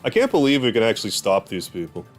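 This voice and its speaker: Low-voiced man joking through a game stream. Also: wildly swooping pitch, fast, soft background music. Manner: joking, self-deprecating asides. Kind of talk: casual gameplay commentary.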